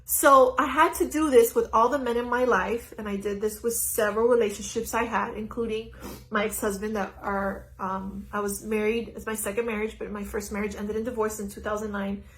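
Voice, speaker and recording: A middle-aged woman giving an earnest, animated live-stream talk as a spiritual teacher, speaking into her phone. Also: mid-range voice, fairly quick, poor audio. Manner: earnest, animated, laughs easily. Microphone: phone on a stand.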